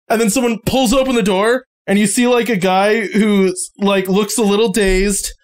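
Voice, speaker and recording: A man's voice: high-pitched, fairly even intonation, moderate pace, hardly any pauses. A man narrating a tabletop game as game master, casual and rambling with lots of fillers.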